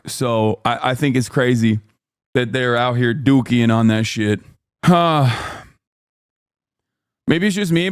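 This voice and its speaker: A man in his thirties ranting on a livestream in a high, lively voice. He talks in a profane, mocking way and sometimes bursts into loud shouting impressions. The sound is close and dry, with no room around it. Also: dry recording. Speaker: streamer. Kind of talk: casual livestream rant.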